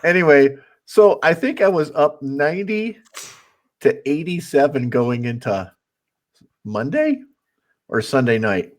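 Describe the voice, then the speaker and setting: A man's voice: a little high, expressive, measured pace, pauses often. A man in a casual podcast chat, laughing sheepishly as he recounts his lucky win. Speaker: podcast co-host.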